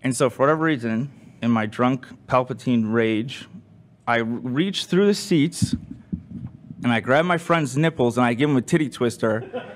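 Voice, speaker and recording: Crew member, male, loose animated storyteller, lots of restarts and laughs. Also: mid-range voice, moderate pace. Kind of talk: casual storytelling.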